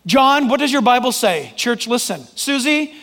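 A man's voice: very high-pitched, expressive, moderate pace, bright, forceful tone, in a large hall. A man preaching a sermon as pastor, emphatic and joking, calling on listeners by name.

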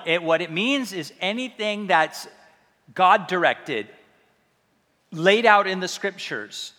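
Bright-voiced male pastor preaching. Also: a little high. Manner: conversational and self-deprecating, with humor. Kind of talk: sermon. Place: church hall. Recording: reverberant hall sound.

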